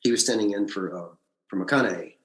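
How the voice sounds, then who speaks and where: A man from Alabama, a podcast guest, recounting his past in animated casual storytelling, often restarting his sentences. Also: fairly quick. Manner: animated storyteller, frequent restarts and big pitch swings. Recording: echoey room.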